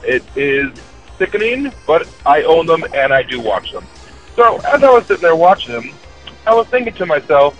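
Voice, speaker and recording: A man's voice: on the high side, big pitch swings, normal speed, faint music behind. Man in a dull lo-fi listener message.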